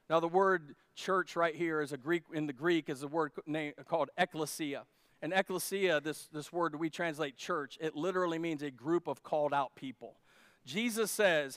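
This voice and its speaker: A man's voice: a little high, moderate pace, a bit bright, dry recording. Man, pastor, sermon, church service, conversational and joking, clean dry sound. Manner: jokey, conversational preaching.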